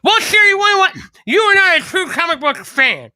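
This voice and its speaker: A man's voice: very high voice, big pitch swings, normal speed, pushed and bright, no room sound, pitched above the performer's own voice, full character voice. A man voicing a pompous male comic-book know-it-all who lectures with mock politeness. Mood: indignant.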